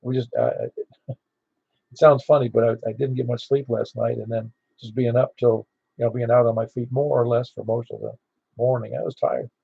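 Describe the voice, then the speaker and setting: A man with a gravelly, husky voice leads a ham radio net in a relaxed, meandering way. His voice comes through as dull, dry, lo-fi radio audio. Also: medium pitch, moderate pace, dry recording. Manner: easygoing, rambling, with fillers. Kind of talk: casual radio chat. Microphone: radio transceiver mic.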